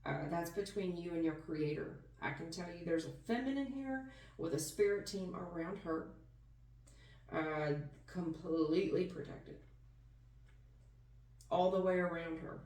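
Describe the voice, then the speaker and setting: A woman's voice: lowish voice, unhurried, long pauses, darkish tone. A woman giving a casual tarot reading in an emphatic, folksy manner, calling the listener hon and baby. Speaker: tarot reader. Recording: roomy sound, distant mic.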